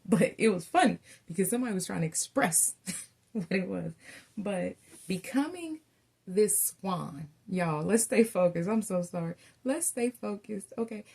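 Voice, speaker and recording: A woman's voice: mid-range voice, lively intonation, moderate pace, creaky, a little mellow, slightly rough. A woman doing a casual tarot reading, telling stories in a chatty way and calling her viewers y'all. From Southern United States. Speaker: tarot reader.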